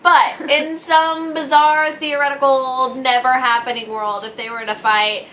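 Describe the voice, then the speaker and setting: A woman's voice: sits high, level tone, unhurried, pushed and bright, slight background noise, poor audio. A young woman co-hosting a casual chat, wry and blunt. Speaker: co-host.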